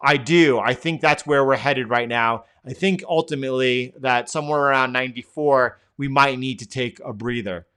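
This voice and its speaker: Bright, clear-voiced man rambling through trades. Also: medium pitch, normal speed, hardly any pauses. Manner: rambling, thinking aloud with many fillers. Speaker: trading stream host. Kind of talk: live market commentary.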